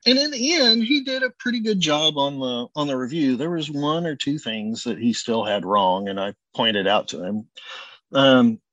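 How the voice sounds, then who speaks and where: A man's voice: medium pitch, moderate pace, no room sound, lo-fi sound. A man, a chef and restaurant owner, telling a long anecdote in a casual interview, acting out bits of the dialogue as he goes. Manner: animated storyteller acting out dialogue.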